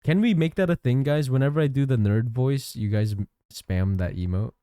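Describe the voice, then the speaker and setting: His voice is mid-range, clear and resonant, delivered at a moderate pace as he draws live and chats with viewers. This livestreamer thanks his chat often, his intonation lively and varied. The recording is dry, studio quality.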